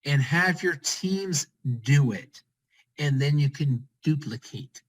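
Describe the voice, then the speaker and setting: A man's voice: a little high, takes it slowly, low-quality recording. A man leading a motivational pep talk on a group call, urging his team on with short, repeated commands. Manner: energetic, repetitive, urging listeners with short commands. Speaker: team leader on a network-marketing call.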